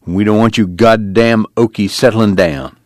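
A man voicing a hostile, bullying lawman who talks loud and sneering, in an audiobook reading. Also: on the low side, steady tone, unhurried, close to an everyday voice. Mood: threatening.

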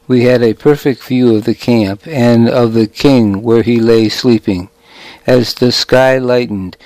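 A man reading a first-person story aloud in a measured, dramatic way. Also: medium pitch, darkish tone, dry recording, poor audio. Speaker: audiobook narrator.

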